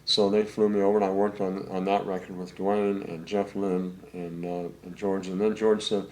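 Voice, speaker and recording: An older man, a session saxophonist, telling rambling anecdotes in a relaxed interview, full of fillers. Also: low voice, normal speed. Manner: rambling anecdotes with many fillers, acts out quotes.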